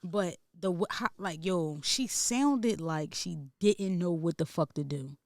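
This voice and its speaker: A man's voice: high voice, a little slow, no echo, studio quality. Heated profane podcast man. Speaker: podcast co-host. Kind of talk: casual podcast chat.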